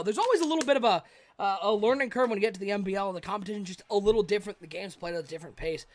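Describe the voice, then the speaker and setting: A man doing live play-by-play commentary of a video game football stream, with excitable calls on big plays and chatting with viewers between plays. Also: sits high, racing, a little hiss or hum.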